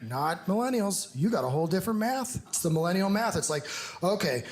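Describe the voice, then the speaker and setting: A man's voice: high-pitched, lively intonation, brisk. A middle-aged man doing stand-up, teasing his audience with a mock-earnest delivery. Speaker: stand-up comedian. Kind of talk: stand-up routine. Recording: live room with clear background noise.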